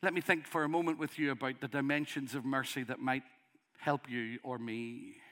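A middle-aged man with a Northern Irish accent preaching a sermon, passionately, building to loud pleading. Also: medium pitch, fairly even intonation, moderate pace. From Northern Ireland.

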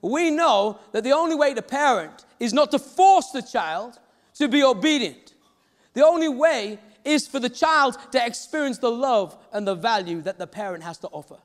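This sermon comes from a pastor whose very high, animated voice moves at a moderate pace. He tells stories and performs the voices of their characters. The sound echoes as in a reverberant hall.

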